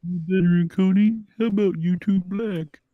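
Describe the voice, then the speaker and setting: A man voicing a smug male corporate announcer for a video site, in a slow, drawn-out promo delivery. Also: high-pitched, steady tone, no room sound, phone-quality sound, voice pushed up, close to an everyday voice. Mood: mock-promotional.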